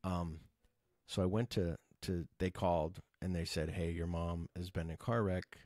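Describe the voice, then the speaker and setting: A middle-aged man hosting a podcast, telling rambling personal stories in casual chat, swearing freely and filling pauses with "uh" and "you know.". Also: sits low, steady tone, a little mellow, no room sound, studio quality. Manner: rambling, profane, lots of fillers. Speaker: podcast host.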